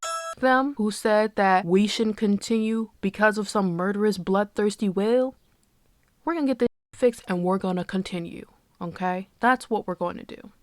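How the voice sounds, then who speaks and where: A woman's voice: medium pitch, normal speed, no echo, clean studio sound, natural voice. A woman voicing a greedy, stubborn male ship captain who is brash and defiant.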